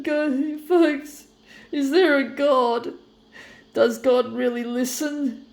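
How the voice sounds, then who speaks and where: A woman's voice: sits high, fairly even intonation, drawn-out words, gravelly. A woman artist rambling to camera, upset and shaky on the verge of tears, self-critical and repeating herself. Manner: self-critical, repetitive, keeps saying folks.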